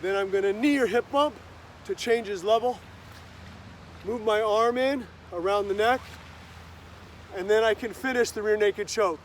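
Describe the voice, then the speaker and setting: A man teaching martial arts techniques outdoors, explaining each move calmly and in an upbeat way. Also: high voice, moderate pace, long pauses, slight background noise. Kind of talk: instructional talk with demonstration.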